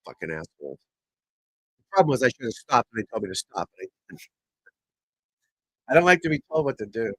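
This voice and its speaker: A man hosting a casual golf livestream, talking loudly, swearing and rambling as he chats with viewers. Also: medium pitch, very animated, brisk, pauses often, no echo, poor audio. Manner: loud, swearing, rambling and frustrated. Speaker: golf pro livestream host. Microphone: desk mic at computer.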